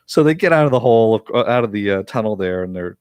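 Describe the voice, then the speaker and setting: A man giving a casual, chatty spoken recap of a TV episode, often laughing and pausing with fillers. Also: fairly low pitch, a little mellow, smooth, no room sound. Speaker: TV episode reviewer.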